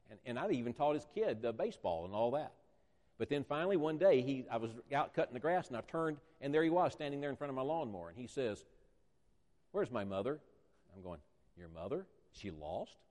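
A man's voice: mid-range voice, darkish tone. Emphatic male preacher in an echoey hall. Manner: emphatic, repeats phrases, stretches words for emphasis. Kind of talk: sermon.

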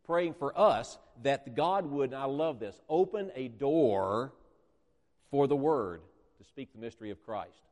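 Male preacher, mid-pitched, emphatic sermon delivery with repeated phrases, reverberant church hall. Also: lively intonation, a little slow, a little mellow.

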